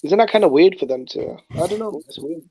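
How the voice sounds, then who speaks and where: A man's voice: sits high, expressive, fairly quick, crowd noise, rough recording. A man in casual group chat, making rambling, hesitant points.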